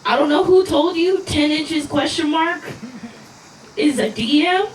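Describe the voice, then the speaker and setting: A woman from Colorado doing a stand-up set, casual and self-deprecating, with quick reassuring asides. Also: high voice, slight background noise. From Colorado, USA. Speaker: stand-up comedian. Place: outdoor backyard show. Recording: echoey live crowd recording from far off. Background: audience laughing.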